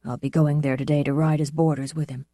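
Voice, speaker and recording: A woman's voice: deep voice, flat delivery, fast, mellow, no echo, studio quality. Woman voicing weary older man, grave, laborious speech, storybook reading.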